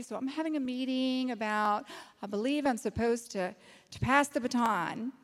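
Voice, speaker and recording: A woman's voice: on the high side, fairly quick. A woman, a ministry leader giving an emotional testimony to a church gathering, laughing often as she talks. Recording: long reverb of a hall.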